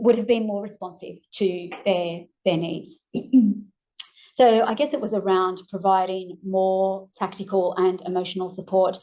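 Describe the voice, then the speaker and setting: A woman with an Australian accent presenting research findings in a measured way with frequent ums, her voice going hoarse. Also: mid-range voice, darkish tone, low-quality recording. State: losing her voice. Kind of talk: academic presentation.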